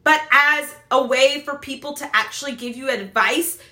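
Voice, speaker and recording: A woman's voice: high-pitched, normal speed, sharp tone, roomy sound. A woman giving casual advice to other moms, chatty, with a habit of tagging "right?" and acting out what people say. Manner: chatty, repeats "right?" and "blah, blah, blah"; acts out quoted voices. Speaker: mom advice vlogger. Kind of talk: casual advice talk to camera.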